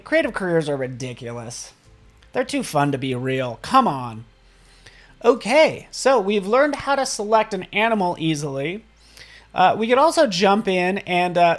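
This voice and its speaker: A man hosting a live software tutorial, upbeat and playful, often checking in with the viewers and tossing in silly sound effects. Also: high-pitched. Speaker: design software instructor.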